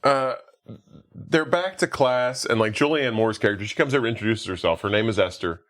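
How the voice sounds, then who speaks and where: A man's voice: mid-range voice, a little fast, a bit bright. A man chatting casually on a podcast, retelling a movie plot with lots of fillers and laughter. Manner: rambling, filler-heavy, laughs a lot while retelling scenes. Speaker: podcast co-host. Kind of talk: casual movie recap chat.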